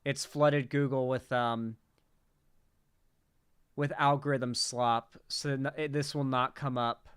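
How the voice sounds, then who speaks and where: A man's voice: mid-range voice, fairly even intonation, slow pace, long pauses, a bit bright, clean tone, dry recording, clean studio sound. A man streaming casual political reaction commentary, rambling and swearing with incredulous asides.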